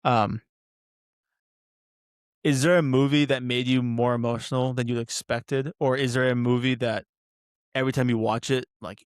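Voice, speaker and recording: A man's voice: mid-range voice, little pitch movement, moderate pace, long pauses, clean tone, no echo, clean studio sound. A man hosting a casual podcast, asking questions in a laid-back, hesitant way. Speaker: podcast host.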